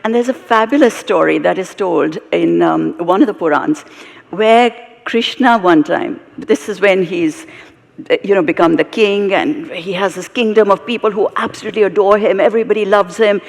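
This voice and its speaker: A woman with a British accent, telling stories in an animated, expressive way as a guest speaker on stage. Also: mid-range voice, moderate pace, gravelly. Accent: British English. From Britain, of Indian heritage. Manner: animated, expressive storytelling with asides. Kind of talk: live onstage storytelling conversation. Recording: reverberant live hall.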